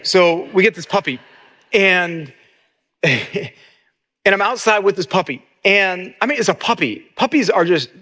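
Middle-aged male pastor with a high voice, preaching in a chatty, storytelling style. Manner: conversational, animated storytelling with many restarts. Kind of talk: sermon.

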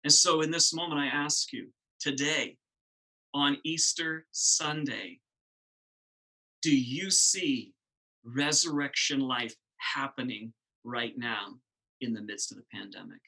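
A middle-aged male pastor preaching an Easter sermon, conversational and animated, often asking the congregation questions. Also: medium pitch, takes it slowly, poor audio.

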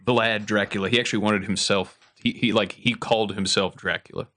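A laid-back male podcast host with a low voice and a flat, even intonation. He talks casually, with lots of fillers and little chuckles. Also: fairly quick.

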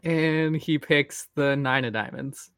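A man taking part in a tabletop game as a player, talking in a relaxed, playful way. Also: on the high side, slow pace, clean tone, dry recording, clean studio sound.

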